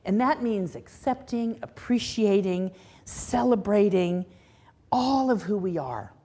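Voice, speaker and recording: Husky, expressive woman minister. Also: medium pitch, takes it slowly. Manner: expressive storyteller, then reflective teaching. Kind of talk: sermon with storytelling.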